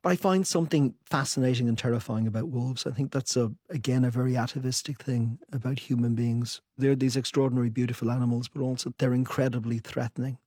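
Husky-voiced man reading his own book. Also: mid-range voice, steady tone, a little mellow, no room sound. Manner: thoughtful, measured. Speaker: author. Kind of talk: interview answers and reading aloud from his book.

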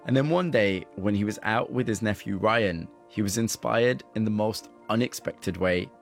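A man narrating a radio documentary in a measured, even, scripted delivery. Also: fairly low pitch, creaky, soft background music.

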